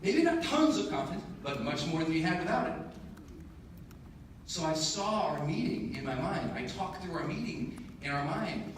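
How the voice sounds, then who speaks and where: Animated man speaking in an echoey hall. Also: a little high, normal speed, a little hiss or hum. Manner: animated, emphatic storytelling with self-deprecating humor. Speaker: motivational speaker. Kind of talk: live keynote storytelling. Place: large conference hall. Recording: echoey hall, distant mic, audible room ambience.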